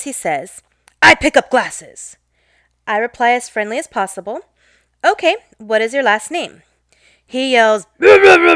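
A woman's voice: a little high, a bit bright, dry recording, studio quality. A woman who works at an optical shop tells a workplace story casually, with a sarcastic, joking manner.

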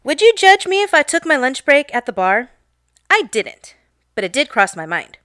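A woman tells a workplace story in a sarcastic, joking way, her voice swinging up and down with animation. She sits a little high and sounds dry and close to the mic. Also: sing-song, normal speed, a bit bright, no room sound. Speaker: storyteller and optical worker. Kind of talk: casual storytelling narration.

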